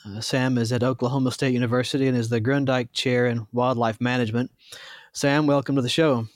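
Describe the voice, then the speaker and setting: A man with a Southern US accent from northern Arkansas, hosting a podcast interview in a thoughtful way with many pauses. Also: mid-range voice, no room sound, studio quality. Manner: relaxed, thoughtful, with frequent pauses and fillers. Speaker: podcast host.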